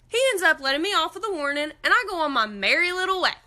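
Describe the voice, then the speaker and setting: A woman's voice: high-pitched, lively intonation, fast talker, few pauses, bright, forceful tone. A young woman, a student, telling a casual storytime in a blunt, self-mocking way. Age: young adult.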